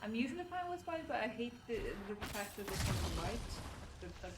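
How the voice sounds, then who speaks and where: A woman's voice: fairly high pitch, sing-song, quick pace, reverberant. Young Swedish-accented woman, slightly distant. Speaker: co-streamer. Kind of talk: casual chat. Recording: distant mic with faint noise.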